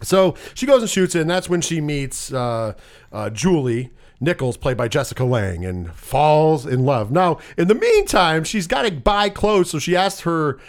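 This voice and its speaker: Animated man retelling a movie. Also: fairly high pitch, measured pace. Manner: animated retelling with put-on quoted voices, laughs often. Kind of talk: casual movie recap chat.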